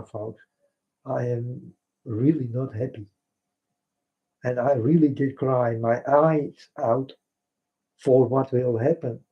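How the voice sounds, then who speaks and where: Slow earnest man, dull lo-fi sound. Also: mid-range voice, warm tone, slightly rough. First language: Dutch. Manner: earnest and repetitive, addresses listeners as folks. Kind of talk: impassioned spoken monologue. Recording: dull lo-fi recording.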